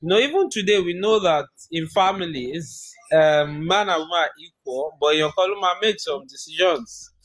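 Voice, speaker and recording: A man with a Yoruba Nigerian accent, reasoning through his view in a measured way during a casual group discussion. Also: fairly high pitch, lively intonation, fairly bright tone. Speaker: discussion participant.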